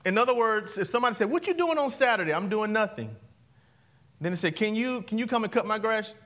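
A male pastor, preaching an interactive, call-and-response sermon that swings from loud to hushed, laughing often. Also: high voice, animated, fast talker.

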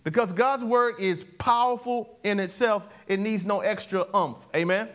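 The male preacher's voice sits high and a bit bright, with fairly even intonation and an unhurried pace. During his sermon he repeats catchphrases, leads call-and-response, exhorts the listeners and chuckles between points.

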